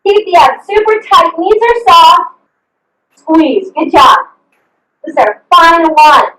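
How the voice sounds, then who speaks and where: A high, lively woman's voice coaching a workout class over a video call, upbeat and encouraging, letting out whoops between cues. She sounds distant from the mic, with the echo of a room at home around her. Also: measured pace. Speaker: fitness coach. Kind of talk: live online workout instruction.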